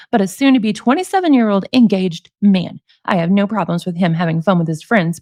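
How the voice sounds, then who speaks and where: A woman's voice: mid-range voice, darkish tone, dry recording, studio quality. A woman reads out emails and comments on them in a chatty, wry way. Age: 40s. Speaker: commentary YouTuber.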